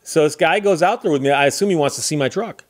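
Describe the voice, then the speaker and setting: A man from the Detroit area, hosting his own channel, tells a casual anecdote with animated delivery and acts out the dialogue. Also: fairly high pitch, quick pace. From Detroit area, Michigan. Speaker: channel host.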